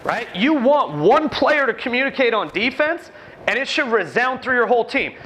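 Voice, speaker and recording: A man running a basketball coaching clinic in a gym, giving brisk, commanding drill instructions to players and explaining the ideas to coaches. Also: very high-pitched, big pitch swings, fairly bright tone, slight background noise. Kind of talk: on-court coaching demonstration. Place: indoor gym.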